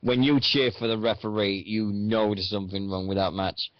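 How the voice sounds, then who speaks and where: A man's voice: lowish voice, steady tone, normal speed, dry recording. A man hosting a radio show, chatting casually about wrestling in a rambling, hesitant way. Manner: rambling, hesitant with many fillers. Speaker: radio host. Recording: dull dry sound.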